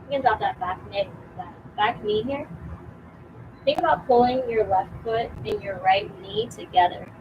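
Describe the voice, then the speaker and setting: A young woman teaching a yoga class outdoors, giving calm, encouraging cues with casual fillers, a bit out of breath. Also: mid-range voice, measured pace, highs cut off, noisy background. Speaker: yoga instructor. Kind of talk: guided yoga class instruction.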